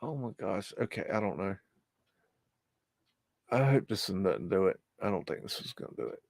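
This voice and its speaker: A man's voice: low-pitched, big pitch swings, brisk, creaky, a little mellow, no echo, studio quality. A man hosting a live show, talking through archive photos in a hesitant, rambling way, often muttering exclamations and swearing when something spooks him. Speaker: livestream host.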